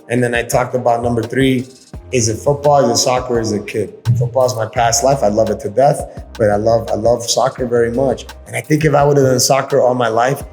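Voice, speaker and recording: A man's voice: mid-range voice, darkish tone. A man hosting a casual podcast monologue, laid-back and earnest, slipping into Spanish phrases. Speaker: podcast host. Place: inside his community shop. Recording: roomy sound with faint background music.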